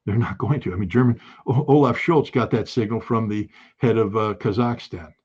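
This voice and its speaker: Husky low-voiced man, emphatic commentary. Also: moderate pace, muffled recording. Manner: emphatic and forceful, repeats key phrases. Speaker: political commentator. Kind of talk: impassioned spoken commentary.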